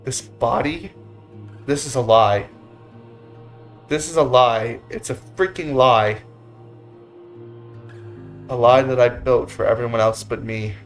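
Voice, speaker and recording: A man voicing a drunk, distraught young male bird-man who pleads with a cracking voice that keeps rising high. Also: slow, long pauses, faint music behind. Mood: anguished.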